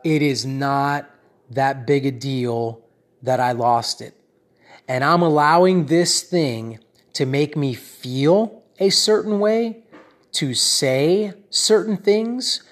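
A man with a somewhat high voice tells his audience a personal story that builds to a lesson. He talks in an animated, rambling way, repeats himself and keeps checking in with "right?" and "you know?". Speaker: speaker addressing his audience.

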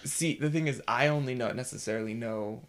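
A man co-hosting a podcast, chatting casually and rambling with many halting restarts. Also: mid-range voice. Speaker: podcast co-host. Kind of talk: casual chat.

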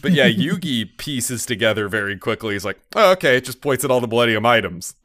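Bright-voiced man rambling through a recap. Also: medium pitch, a little fast, no room sound, studio quality. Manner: rambling, animated, many fillers and asides. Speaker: podcast co-host. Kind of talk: casual anime recap chat.

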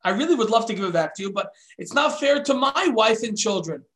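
A man's voice: sits high, lively intonation, brisk, a bit bright, echoey room. A man voicing a poor finder who apologizes but insists on keeping the money. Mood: apologetic. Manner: apologetic, self-justifying.

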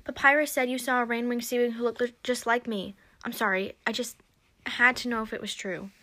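A woman reading aloud, voicing an eager young female dragon who talks in an excited, pleading way. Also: on the high side, a little fast. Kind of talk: storybook reading.

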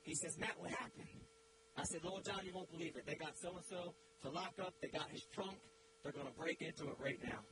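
A man with a high voice preaches a sermon in church, telling a story with dramatic, swelling emphasis. A loud, steady hum runs under the recording. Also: a little fast. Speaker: guest preacher.

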